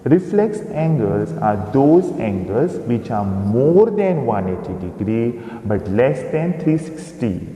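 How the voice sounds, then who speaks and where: Slow, mellow-voiced male maths teacher. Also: mid-range voice, sing-song. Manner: slow, explanatory, refers to figures on screen. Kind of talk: recorded maths lesson. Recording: echoey room with long reverb.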